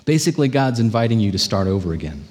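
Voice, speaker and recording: A man preaching a sermon as pastor, telling stories in an animated way and checking in with the congregation. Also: fairly low pitch, fast, long reverb tail. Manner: animated storytelling, frequent "right?" check-ins.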